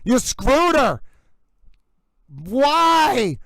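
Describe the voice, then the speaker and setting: A man with a very high, smooth voice hosts a live commentary stream, audibly exasperated and theatrical. He swings between yelling outbursts and quick low mutters, recorded close and dry. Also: no echo, low-quality recording. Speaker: livestream host commenting on a trial.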